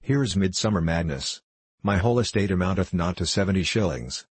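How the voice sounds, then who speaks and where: A man's voice: low voice, expressive, fairly quick, breathy edge, no room sound. A man reading the part of a poor, frightened old man who pleads in a fawning, obsequious way. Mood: pleading.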